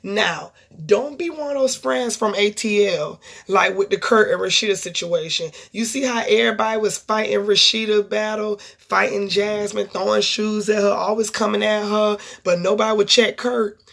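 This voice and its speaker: A woman's voice: mid-range voice, normal speed, gravelly, hardly any pauses, fairly bright tone. A woman casually recapping a reality TV episode in a blunt, profane, gossipy way, telling the story with lots of asides. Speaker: TV show reviewer.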